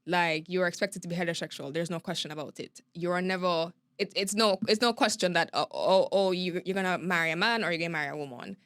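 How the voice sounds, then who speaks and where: A young woman with a Jamaican accent hosting a casual chat, emphatic and animated, often jumping up in pitch to exclaim. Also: fast talker, few pauses, smooth, no echo. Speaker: podcast host.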